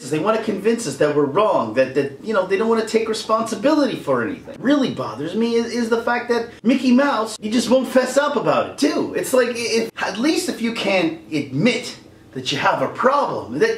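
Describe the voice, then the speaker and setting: A man's voice: high voice, very animated, normal speed, a little hiss or hum. A man ranting to camera in a vlog, exasperated and rambling, with many restarts. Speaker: YouTuber. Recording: roomy echo.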